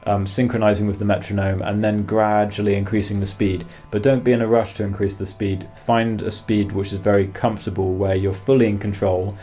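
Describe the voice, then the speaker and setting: Calm low-voiced man teaching guitar. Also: brisk, hardly any pauses. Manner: calm, explains while demonstrating, counts beats aloud. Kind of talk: masterclass instruction. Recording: faint guitar music behind. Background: guitar playing.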